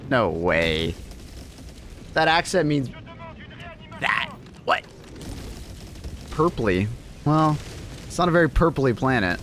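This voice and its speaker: A man's voice: medium pitch, a little hiss or hum. A man chatting casually on a game live stream, talking to his cat and swearing now and then.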